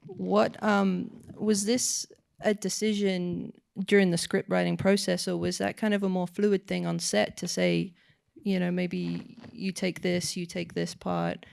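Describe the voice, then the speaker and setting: A woman's voice: fairly low pitch, level tone, unhurried, creaky, a little mellow, no echo, studio quality. A woman interviewing a guest, asking rambling conversational questions.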